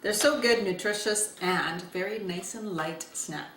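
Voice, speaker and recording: A woman's voice: mid-range voice, measured pace, a bit bright, a little hiss or hum. A woman giving a casual cooking demo at home, chatty and laughing as she talks and eats. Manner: chatty, laughs while talking and eating. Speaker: cooking vlogger. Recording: echoey room, faint ambience.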